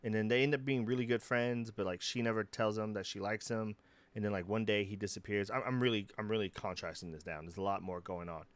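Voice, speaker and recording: A young man, co-hosting a casual podcast chat and rambling through animated retellings. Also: fairly low pitch, fast talker, dry recording. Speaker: podcast co-host.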